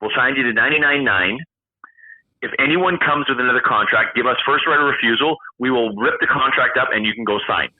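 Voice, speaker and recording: A man in his forties, a retired hockey player and podcast guest, telling animated stories, acting out quoted dialogue and swearing freely. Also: medium pitch, a little fast, no echo. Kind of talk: casual storytelling interview. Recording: tinny phone-like call line.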